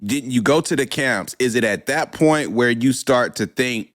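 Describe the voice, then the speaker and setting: A man's voice: mid-range voice, normal speed, no echo. Male podcast host, casual interviewer, dry close recording. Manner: conversational, many short backchannels.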